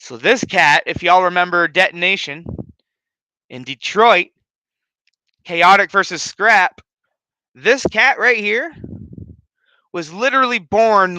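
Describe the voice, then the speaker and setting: A man's voice: high voice, slow, long pauses, pushed and bright, smooth, rough recording. A man hosting a casual home podcast, telling a rambling, profanity-heavy story full of fillers. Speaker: podcast host. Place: his living room at home. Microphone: streaming setup.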